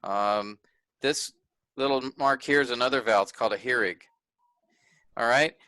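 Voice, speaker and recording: A man's voice: mid-range voice, normal speed, sharp tone, no echo. A man teaching a workshop over a video call, patiently explaining and often stopping to check that his listeners follow. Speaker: Bible teacher. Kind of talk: online workshop lecture.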